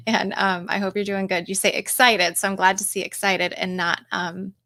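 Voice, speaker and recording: Middle-aged lady doing a casual live stream from home, chatty and warm with her viewers, lots of ums and laughs. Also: mid-range voice, little pitch movement, normal speed. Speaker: coach and livestream host. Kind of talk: casual livestream chat greeting viewers.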